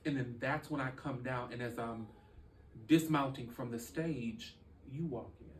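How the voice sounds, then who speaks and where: A man telling a deeply personal story as a podcast guest, speaking earnestly with halting restarts. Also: roomy sound, far from the mic, a little hiss or hum, poor audio.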